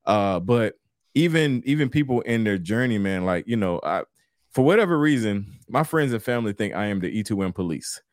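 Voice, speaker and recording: A man's voice: fairly low pitch, lively intonation, fairly quick, no room sound, clean studio sound. A man co-hosting a podcast, chatting in a laid-back, casual way and saying "man" a lot. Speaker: podcast co-host.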